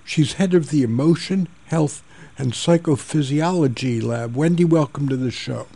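An older man hosting a radio talk show, telling a personal story in a gentle, reflective way and introducing his guests. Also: on the high side, moderate pace, gravelly, husky.

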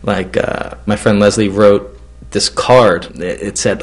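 Man with a lowish voice rambling thru a story, lots of um and like. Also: fairly even intonation, slow. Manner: loose, rambling, lots of fillers and restarts. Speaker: interviewee telling a personal story. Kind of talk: casual storytelling.

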